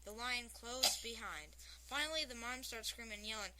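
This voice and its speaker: A woman hosting a talk show, reading funny stories aloud with animated storytelling. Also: on the high side, normal speed, rough recording. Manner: animated storytelling, shouting out quoted lines.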